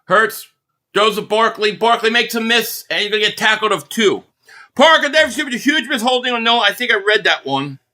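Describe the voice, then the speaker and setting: Hosting a live football reaction stream, this Philadelphia-area man excitedly calls the action like a fan and reads viewer donations aloud. His voice sits high, and he keeps a moderate pace.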